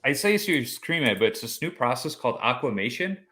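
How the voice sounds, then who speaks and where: Animated storytelling podcast host, male. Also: medium pitch, brisk. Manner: animated storyteller who acts out quoted voices. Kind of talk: conversational storytelling.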